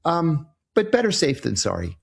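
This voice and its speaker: A man in his sixties who formerly worked in intelligence answers interview questions at a moderate pace, his slightly high voice creaky with a breathy edge. Casual and animated, he tells stories and acts out quoted exchanges.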